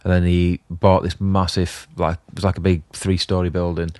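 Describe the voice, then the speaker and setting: A man's voice: low voice, little pitch movement, normal speed, a little mellow, no echo. A man from the co-hosting a podcast, easygoing and agreeable in casual chat, using local slang. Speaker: podcast co-host. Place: indoor podcast studio.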